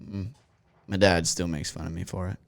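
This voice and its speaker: A man's voice: low voice, level tone, normal speed, gravelly, no echo. A man from Minnesota with a Minnesota accent, chatting candidly as a podcast guest, rambling and self-deprecating. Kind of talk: casual chat.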